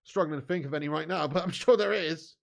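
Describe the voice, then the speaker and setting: A chatty man from the south of England, hosting a live football watch-along. His voice sits a little high for a man. He reads out viewer comments and trades banter, laughing often. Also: quick pace, creaky. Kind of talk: casual live-stream chat, reading out viewer comments.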